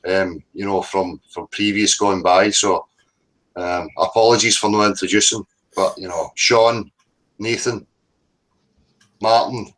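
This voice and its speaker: A man's voice: fairly low pitch, steady tone, unhurried, a bit bright, poor audio. A man mediating an online group call who rambles in a conciliatory way, with many fillers and restarts.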